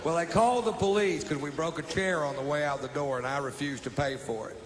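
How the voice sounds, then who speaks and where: A man's voice: on the high side, a little fast, noisy background. A man telling a drawling stand-up story and acting out the people in it. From Texas. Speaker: stand-up comedian. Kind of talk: stand-up comedy.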